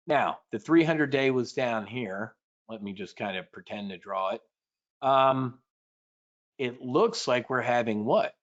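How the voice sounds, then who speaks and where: A man leading a live trading webinar as an options instructor, energetic and punchy, breaking into shrill mock panic now and then. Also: muffled recording.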